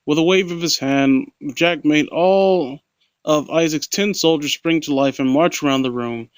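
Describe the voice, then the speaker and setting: A man's voice: medium pitch, no room sound. A man reading a horror story aloud at a close home mic, stumbling and restarting, with sarcastic critical asides. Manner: stumbling, frequent restarts and mockery. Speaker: narrator and critic.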